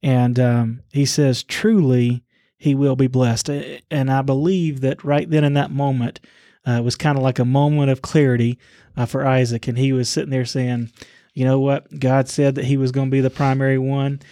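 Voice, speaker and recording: A man casually retelling a Bible story to his father, pausing often with "uh" and repeating words as he goes. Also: mid-range voice, little pitch movement, warm tone, no room sound, studio quality. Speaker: son discussing scripture with his father.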